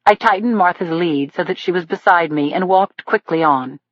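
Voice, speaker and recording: A woman narrating a thriller audiobook in the first person, in a steady storytelling manner. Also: fairly low pitch, normal speed, no echo. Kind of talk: scripted narration. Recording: dull lo-fi dry recording.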